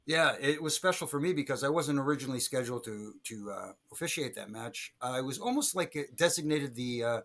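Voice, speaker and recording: A man's voice: medium pitch, a little fast, hardly any pauses. A man, a former wrestling referee, telling stories as a guest in a casual interview, laughing often and acting out what people said. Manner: animated storyteller who laughs and acts out quotes.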